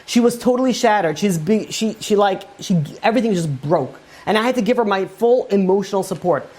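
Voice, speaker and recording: A man's voice: sits high, lively intonation, fairly quick, a little mellow. A man who is a rabbi, teaching a Torah class and retelling a long story, voicing its people's lines with loose spoken phrasing. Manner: retells a story at length with many quoted lines; loose spoken phrasing with repeated "he goes and he says". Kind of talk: storytelling lecture.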